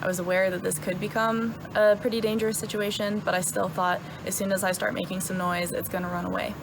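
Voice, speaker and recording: A young woman speaks at an everyday mid pitch, with a gravelly, creaky edge to her voice. She retells her story casually and in a relaxed way, with plenty of ums. A clear bed of noise runs behind her. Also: fast talker. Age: young adult. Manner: relaxed, with many ums and uhs. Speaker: hunter telling her story.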